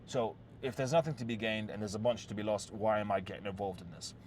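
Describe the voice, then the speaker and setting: A man's voice: lowish voice, fairly even intonation, quick pace, slight background noise. A man hosting a relationship-advice talk, telling a story in a blunt, profane, casual way and often checking in with "yes?" and "right?".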